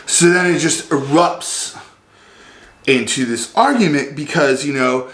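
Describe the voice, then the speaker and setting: A man's voice: on the high side, a little slow, a bit bright. A man ranting as a vlogger, rambling and sarcastic, loaded with fillers. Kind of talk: comedic rant. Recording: roomy echo.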